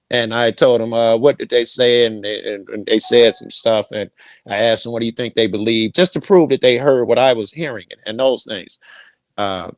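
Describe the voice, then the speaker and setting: A middle-aged man with a medium-pitched voice, recorded without echo, tells a rambling personal story as a guest storyteller. He swears and repeats himself.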